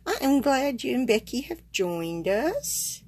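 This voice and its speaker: A woman's voice: a little high, big pitch swings, slow. A woman hosting a casual live stream, chatting to viewers and greeting them by name, a little tired, with plenty of fillers and small laughs. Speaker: card-making demonstrator hosting a live stream.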